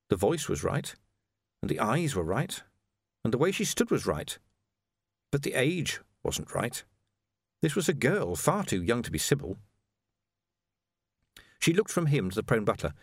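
Expressive male audiobook narrator. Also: medium pitch, no room sound, clean studio sound. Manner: expressive, dramatic storytelling. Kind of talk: scripted narration.

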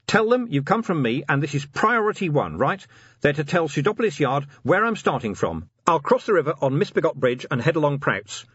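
A man's voice: mid-range voice, very animated, normal speed, fairly bright tone, husky, no room sound, lo-fi sound, voice pushed up. A man doing a curt watch commander. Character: gruff harried male city watch commander.

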